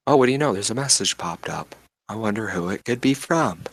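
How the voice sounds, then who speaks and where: Man, deep dry voice, rambling casual streamer, fidgety and eccentric. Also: lively intonation, a little fast, dry recording. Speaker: livestream host. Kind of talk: casual chat. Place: indoors at home with plants.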